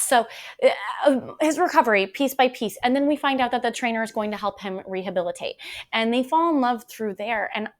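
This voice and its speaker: A woman hosting a casual book podcast, talking in a gushing, emotional way and often repeating herself. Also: on the high side. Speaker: podcast host. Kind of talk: casual book review chat.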